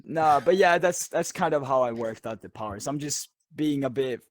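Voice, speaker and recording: A man's voice: mid-range voice, moderate pace, dry recording, studio quality. Swedish guy with a mixed accent. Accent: Swedish mixed with Australian and British. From Sweden. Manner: laughs often, loose and hesitant. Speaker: podcast guest. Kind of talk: casual chat.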